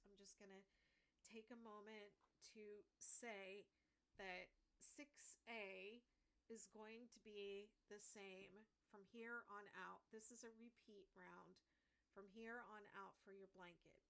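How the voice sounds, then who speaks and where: Casting: middle-aged woman, relaxed livestream crochet teacher, chatty, laughs easily, mid-pitched. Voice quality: chatty, laughs often, talks while working. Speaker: crochet instructor. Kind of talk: casual livestream tutorial chat.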